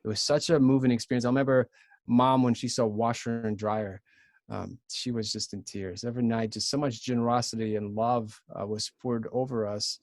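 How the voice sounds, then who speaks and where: A man's voice: mid-range voice, steady tone, darkish tone, no room sound. Ukrainian accent guy in his 30s, earnest storytelling, lots of restarts, dry close sound. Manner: earnest, halting with many restarts. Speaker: guest. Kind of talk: casual storytelling.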